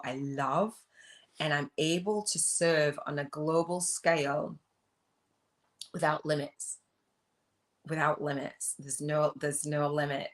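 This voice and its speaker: A middle-aged woman speaks to her livestream viewers in a low voice. She is earnest and openly emotional, repeats her phrases, and guides them through journal prompts. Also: a bit bright. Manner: reads out viewer comments. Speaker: spiritual business coach and host.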